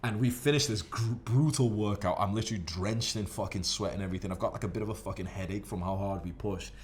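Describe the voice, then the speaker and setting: A man with a somewhat low voice speaks in a loose, profanity-laced monologue, rambling and animated. Faint background noise sits under him. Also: fast. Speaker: fitness vlogger. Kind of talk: casual monologue to camera.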